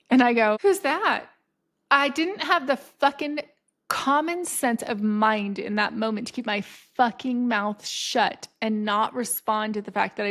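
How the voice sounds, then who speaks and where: Woman on a podcast spilling a crazy story, lots of swearing, a bit of vocal fry, acts out the quotes. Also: medium pitch. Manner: swears freely and acts out quotes in a vivid, animated way. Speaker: podcast guest. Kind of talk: casual storytelling.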